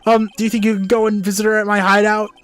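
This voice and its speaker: A stuttering, whiny crybaby of a thief in a video game, voice pitched way up and breaking into nervous apologies, put on by a man. He trips over his words and sounds ready to cry at any moment. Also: level tone, quick pace, fairly bright tone, soft background music. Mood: whimpering panic. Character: timid stammering crybaby male thief.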